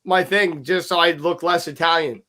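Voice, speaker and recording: A male show host keeps the chat loose with teasing jokes and quick banter. His voice sits a little higher than most men's, with a faint hiss of noise under it. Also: steady tone, sharp tone. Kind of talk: casual interview chat.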